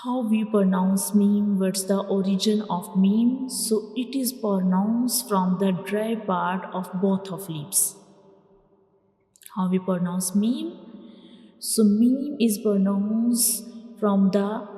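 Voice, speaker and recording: Slow, patient woman teaching letters. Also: medium pitch. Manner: patient, repeats each letter sound loudly for learners. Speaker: Quran reading teacher. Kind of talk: slow step-by-step letter lesson. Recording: echoey room with long reverb.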